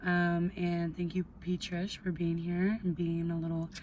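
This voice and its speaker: A young adult woman telling a casual storytime on her vlog, animated, swearing freely and peppering her talk with "like". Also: lowish voice, measured pace, highs cut off, slight background noise. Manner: animated, heavy swearing, lots of "like". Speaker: vlogger.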